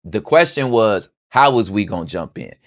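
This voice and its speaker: A man's voice: lowish voice, animated, normal speed, no echo, clean studio sound. A young man hosting a podcast, giving loose, slangy, joking political commentary. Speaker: podcast host.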